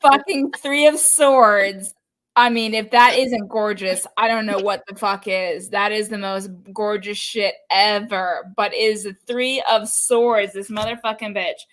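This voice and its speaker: Podcast host, woman, faint Boston accent, blunt, swears a lot, lively casual talk. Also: medium pitch, a little slow, hardly any pauses, low-quality recording. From Boston area. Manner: blunt, swears freely, animated. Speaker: podcast host and tarot reader. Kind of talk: casual chat.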